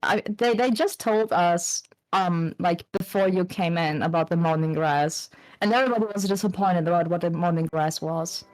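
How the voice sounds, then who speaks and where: A woman guest on a stream, chatting casually in a giggly, halting way with many fillers. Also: fairly low pitch, a little mellow, low-quality recording.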